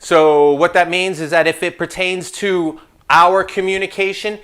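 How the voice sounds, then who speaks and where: A man teaching an insurance licensing class in a casual, joking way, with animated asides and playful trash talk. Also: sits high, unhurried, clear, resonant tone.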